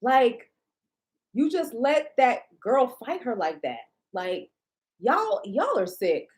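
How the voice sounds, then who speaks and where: A woman's voice: a little high, sing-song, slow pace. A woman with a blunt, indignant, profane manner, ranting casually to her viewers as a shop owner and vlogger.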